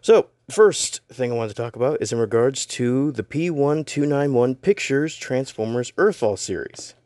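A man's voice: medium pitch, animated, moderate pace, a little mellow, no room sound, studio quality. A young man casually talking to camera in a vlog, rambling a little and tripping over his own words. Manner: rambling, self-deprecating, stumbles over words. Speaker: YouTuber and voice actor.

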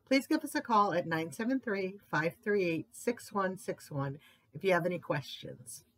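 A woman librarian reading picture books aloud in an animated, expressive way for children's story time. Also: fairly low pitch, moderate pace.

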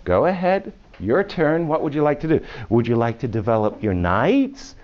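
Lively man teaching chess to kids. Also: mid-range voice, normal speed. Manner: questions the class patiently and playfully. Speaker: chess teacher to a class of children. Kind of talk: classroom lesson. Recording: muffled classroom video with faint hiss.

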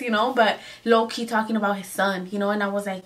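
A woman's voice: on the high side, fairly even intonation, fairly quick, distant mic. A young woman telling a casual storytime to her viewers, chatty and full of "like" and "you guys", slipping into Spanish phrases. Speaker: vlogger.

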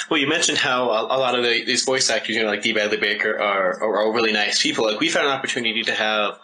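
A man's voice: lowish voice, fast talker, sharp tone, rough recording. A man hosting an interview, asking questions in an eager, chatty way. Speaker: interview host.

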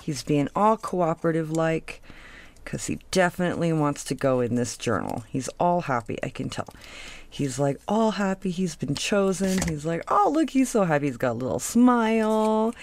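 A woman with a deep, darkish, animated voice hosts a craft video at normal speed, with slight background noise. The crafting channel host chats casually as she works, thinking aloud, trailing off mid-sentence and cooing at her pieces.

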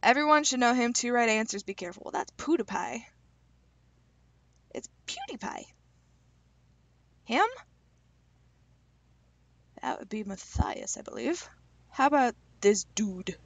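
Young woman, slightly high voice, joking casual vlogger, close dry mic. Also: animated, no room sound. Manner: chatty, self-deprecating, reads questions aloud and answers with quick jokes. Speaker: YouTuber taking online quizzes. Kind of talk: casual vlog commentary.

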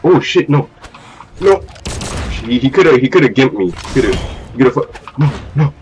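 A man's voice: medium pitch, big pitch swings, brisk, darkish tone, slight background noise. A young man giving live commentary while playing a ranked fighting game, swearing, trash-talking and repeating his phrases. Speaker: gamer. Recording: faint game music behind.

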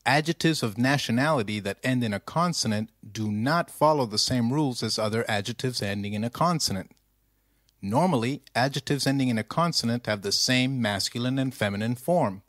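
A man's voice: mid-range voice, fairly quick, a bit bright, no echo, studio quality. A man narrating a scripted language lesson, speaking carefully and repeating phrases for the learner to say back. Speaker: language teacher.

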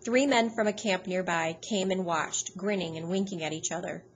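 A woman narrating an audiobook in a steady, even storytelling manner. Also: lowish voice, normal speed, slight background noise, rough recording.

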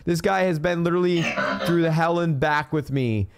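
A young man hosting a casual let's-play, chatty and excitable, swearing now and then, talking into a studio mic on a boom arm at his home gaming setup. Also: normal speed, crowd noise. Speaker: gaming YouTuber host.

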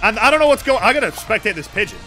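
A British man giving casual live commentary while streaming a game, swearing freely and yelling at the other players. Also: high-pitched, racing, faint music behind. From Britain. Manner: profane, excitable, yells at other players.

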